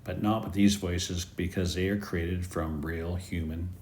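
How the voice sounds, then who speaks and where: Male presenter, lowish voice, relaxed walkthrough of app settings. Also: unhurried, a little hiss or hum. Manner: easygoing step-by-step explaining. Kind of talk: screen-recorded app tutorial.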